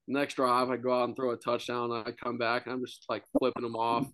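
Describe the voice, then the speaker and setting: A young man in his twenties chats casually as a podcast guest. His voice sits at a medium pitch, and he rambles through his stories with plenty of filler words. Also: monotone, a little fast, a bit bright, dry recording. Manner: rambling storyteller, many "like" fillers. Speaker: guest, college quarterback.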